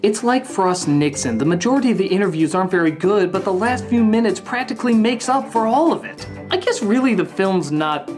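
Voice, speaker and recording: A woman reviewing a film in an excitable, profane comedic rant, often yelling. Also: mid-range voice, brisk, hardly any pauses. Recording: background music.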